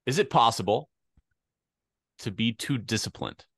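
A man's voice: medium pitch, lively intonation, unhurried, a bit bright, breathy edge, no echo. A man co-hosting a podcast, chatting casually with dry, teasing humor. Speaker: podcast co-host. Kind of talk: casual chat.

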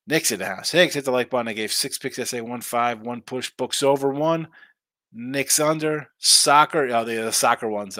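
A man's voice: mid-range voice, pushed and bright, no echo. A man hosting a live sports betting stream, talking loosely and bantering as he reads viewer comments. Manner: loose, chatty, banters with chat. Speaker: sports betting show host.

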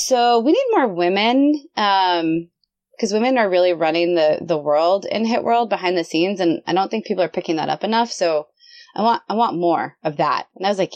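A woman author chatting as a guest on a podcast, telling stories in a bubbly, animated way. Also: fairly low pitch, normal speed, dry recording. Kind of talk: casual podcast chat.

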